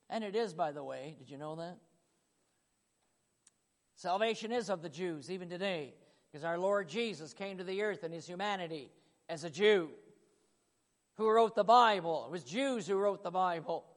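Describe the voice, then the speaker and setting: A man's voice: sits high, moderate pace. A man preaching a sermon, emphatic and acting out voices, with a chuckle now and then. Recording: long hall reverb.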